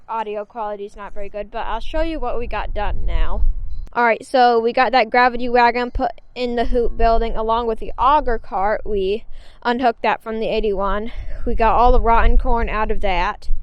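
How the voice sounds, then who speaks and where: A woman's voice: fairly high pitch, smooth, lo-fi sound. A woman in her thirties hosting a farm vlog, talking outdoors in a chatty, plain-spoken way while she explains the day's chores. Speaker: farm vlogger, host. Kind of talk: casual vlog narration.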